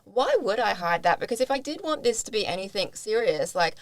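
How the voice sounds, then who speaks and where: A woman's voice: medium pitch, animated, fairly quick, dry recording. A young Australian woman co-hosting a podcast, casually retelling a bad date and acting out both sides of the conversation. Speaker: podcast co-host. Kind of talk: casual storytelling chat.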